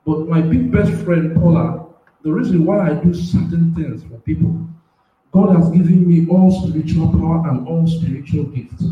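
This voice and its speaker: A man preaching with strong emotion. He stumbles over words, restarts phrases, and his voice surges high and loud when he gets worked up. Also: narrow, tinny audio. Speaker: self-styled prophet and preacher. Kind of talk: impassioned spontaneous preaching. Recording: very echoey room, voice far from the mic.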